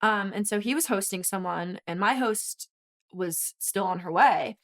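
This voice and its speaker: A woman in her twenties talks as a guest in relaxed conversation, her voice sitting at a middle pitch. She tells her story with animation and quick asides. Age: 20s. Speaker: guest, former college swimmer. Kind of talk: casual conversation.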